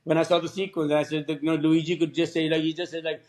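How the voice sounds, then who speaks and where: A man, a film director, telling lively stories in a podcast interview and acting out what other people said. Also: on the high side, fast talker. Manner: animated anecdotes, acts out quoted voices.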